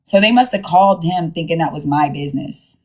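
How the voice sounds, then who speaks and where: A woman's voice: lowish voice, a little fast, darkish tone. A woman hosting a casual livestream, talking bluntly and profanely and repeating her points. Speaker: livestream host.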